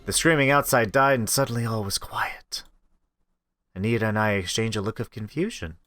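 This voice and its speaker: A man's voice: fairly low pitch, normal speed, dry recording, clean studio sound. A man reading a horror visual novel aloud, reacting and joking between lines, into a desktop microphone. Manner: expressive, reacts aloud, swears. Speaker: let's play host.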